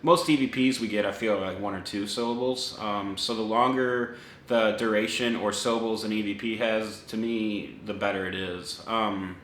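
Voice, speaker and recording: A man's voice: lowish voice, normal speed. Rambling man in an echoey room. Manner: relaxed, rambling with many fillers. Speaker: paranormal investigator presenting recordings. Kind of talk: casual talk to camera. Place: home room with a dog nearby. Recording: echoey room, faint noise.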